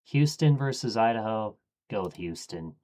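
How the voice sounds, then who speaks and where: A man streaming, thinking aloud in a casual, low-key way as he murmurs his choices one after another. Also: lively intonation, normal speed, mellow.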